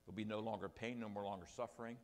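A man's voice: on the low side, steady tone, very fast. An older man preaching a sermon to his congregation, with rambling, self-deprecating asides. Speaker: pastor. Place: church sanctuary.

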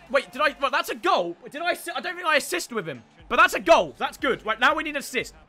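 A man calling his own match live, with a very high, very bright voice that swings widely in pitch. He shouts and groans at every chance and keeps talking to his viewers, with soft music underneath. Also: fast, hardly any pauses. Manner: excitable, shouts and groans at the game, talks to viewers as "boys". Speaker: gaming YouTuber. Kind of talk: live gameplay commentary.

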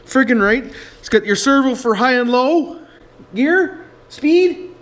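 A man's voice: extremely high pitch, lively intonation, slow pace. A man from doing a casual unboxing review of a toy truck, folksy and full of repeated catchphrases, calling his viewers boys. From Canada. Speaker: RC hobby reviewer. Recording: roomy sound with faint noise.

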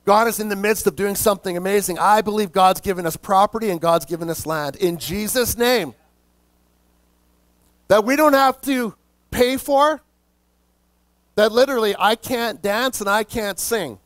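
A male pastor preaching a sermon, slowing down to stress key words and calling out to the congregation for responses. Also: high-pitched, a bit bright, no room sound.

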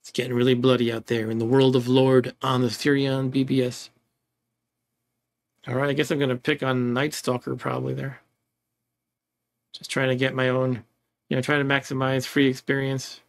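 A man's voice: mid-range voice, monotone, moderate pace, pauses often. Chatty man narrating a game playthrough. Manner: rambling, chuckling, reads game text aloud. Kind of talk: casual let's-play commentary.

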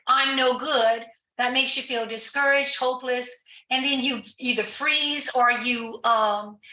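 A woman's voice: high voice, bright, forceful tone, reverberant, poor audio. A woman guest on a podcast interview, explaining earnestly in a conversational way, with fillers and restarts. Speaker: guest addiction recovery professional.

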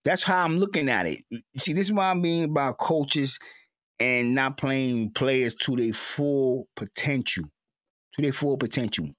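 A man's voice: medium pitch, measured pace, fairly bright tone, dry recording, clean studio sound. A man giving an emotional, repetitive sports rant as a fan commentator, stammering at times.

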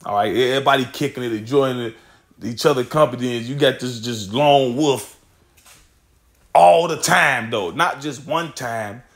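A man's voice: medium pitch, moderate pace. A man teaching scripture in a loose, casual way, swearing and laughing often as he reads verses aloud.

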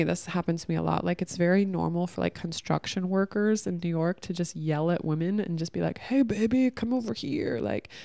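A woman vlogger with a low, gravelly voice talks to her camera in a loose, rambling way, dropping "like" into almost every phrase. Her tone is dark and mellow, and her voice stays smooth and clear. The sound is dry and close. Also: no echo. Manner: rambling, heavy use of "like"; reflective, candid. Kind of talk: casual spiritual monologue to camera.

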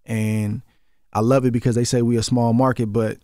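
A man's voice: mid-range voice, level tone, moderate pace, warm tone, no echo. Earnest Oakland-accented man in a studio. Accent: Oakland, Bay Area. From Oakland, California. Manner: earnest, repeats words as he builds a thought. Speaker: guest, former boxer. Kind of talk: casual interview conversation. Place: radio studio. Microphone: studio microphone.

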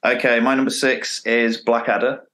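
A man's voice: medium pitch, little pitch movement, moderate pace, a bit bright. A British man on a podcast, chatting casually and animatedly acting out quoted lines. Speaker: podcast co-host. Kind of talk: casual chat.

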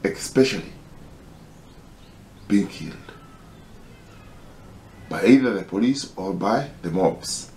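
Kenyan man, pleading appeal, halting, repetitive, slow delivery, roomy echo. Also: deep voice, lively intonation, a little mellow, slight background noise. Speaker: concerned citizen. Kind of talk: impassioned personal appeal.

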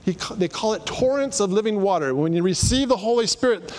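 A man's voice: high-pitched, animated, brisk, darkish tone, long reverb tail, slight background noise. A middle-aged man giving an informal, conversational sermon to a congregation, repeating phrases for emphasis and telling stories. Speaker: congregation speaker giving weekly welcome. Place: congregation sanctuary.

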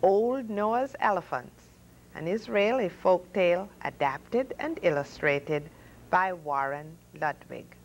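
Expressive woman reading storybooks aloud, slow. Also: lowish voice, a little hiss or hum, rough recording. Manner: expressive, sound effects and voices for animals. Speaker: storyteller host. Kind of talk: reading children's stories aloud.

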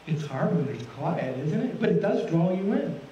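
A middle-aged man preaches in a high, lively voice, folksy and full of questions for his listeners. He is heard from a distance in a roomy church sanctuary, with faint laughter from the congregation behind him. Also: normal speed, muffled recording, a little hiss or hum. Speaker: guest pastor. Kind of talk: sermon.

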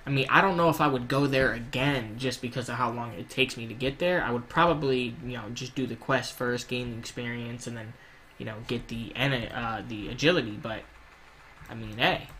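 A man's voice: mid-range voice, moderate pace, bright, forceful tone, slight background noise. A man giving casual, rambling gameplay commentary, swearing often and drifting into rants. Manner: rambling, profane, ranting. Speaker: gaming YouTuber.

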